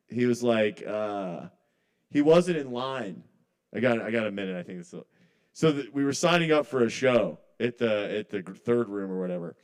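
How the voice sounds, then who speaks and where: A man talks through a loose stand-up set at an open mic, rambling and conversational in his middle-pitched voice. His thoughts often trail off before he picks them back up. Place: live kava bar open mic.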